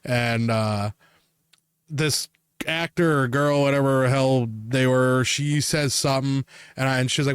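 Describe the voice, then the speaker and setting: A man's voice: medium pitch, normal speed, no echo, clean studio sound. A man co-hosting a podcast, telling a story in casual chat, swearing often and laughing as he talks. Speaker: podcast co-host.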